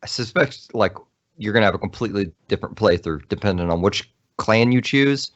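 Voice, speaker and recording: A man with a lower voice lays out his ideas on a games podcast, hedging and filling pauses with "um" and "like". His voice comes through dull lo-fi audio. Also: expressive. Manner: thoughtful, hedging, explains with fillers. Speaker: podcast co-host. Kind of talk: casual podcast chat about games.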